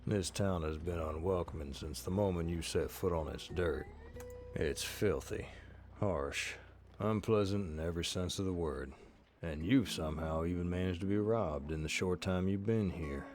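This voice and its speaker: A man giving scripted second-person narration for a game in a measured, even way. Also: deep voice, a little hiss or hum, lightly acted.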